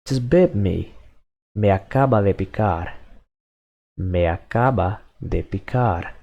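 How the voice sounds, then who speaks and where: A man with a lowish, mellow voice leads a beginner language drill. He speaks slowly and patiently, saying each phrase several times before moving to the next. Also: creaky, lo-fi sound. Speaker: language teacher. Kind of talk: slow, repetitive lesson drills.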